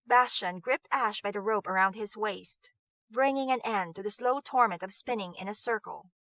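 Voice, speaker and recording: Woman, audiobook narration, measured, expressive, bright tone, dry booth. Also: mid-range voice, dry recording. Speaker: audiobook reader.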